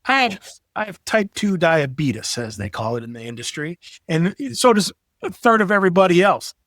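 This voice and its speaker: A middle-aged man talking as a podcast guest, telling lively stories with swearing and acted-out quotes. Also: a little high, normal speed, dry recording, studio quality. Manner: animated storyteller, profane, acts out quotes. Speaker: podcast guest, graphic designer. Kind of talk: casual chat.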